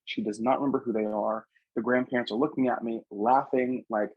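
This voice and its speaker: Speaking fairly quickly in a husky, mid-range voice, a psychic medium from Louisiana earnestly recounts tales from his readings in a casual interview. He brings the people he quotes to life with animation. The audio is lo-fi, without echo.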